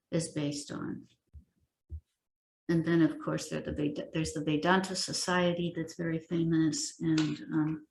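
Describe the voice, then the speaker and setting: A middle-aged woman gives an unhurried spiritual teaching, taking her time and often pausing or correcting herself. Her voice sits a little low. The room around her is echoey. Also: a little hiss or hum. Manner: gentle, halting explanation with many ums and self-corrections. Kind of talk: informal spiritual teaching talk. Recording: roomy echo.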